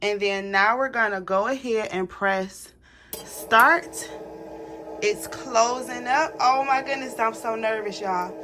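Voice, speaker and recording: A woman hosting a crafting vlog, chatting to her viewers as she demonstrates a product, excitable and gushing. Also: fairly high pitch, takes it slowly, noisy background. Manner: chatty, addresses viewers as y'all. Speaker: crafting channel host. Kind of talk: casual product demo vlog.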